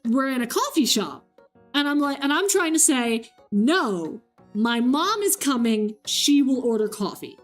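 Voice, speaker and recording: A high-pitched young woman chats loosely with her stream audience, reading messages aloud and slipping into quoted voices as she tells a story. She laughs often between lines. Faint music plays in the background. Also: animated, normal speed. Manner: chatty, reads chat aloud, laughs often, acts out quotes. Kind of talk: casual chat.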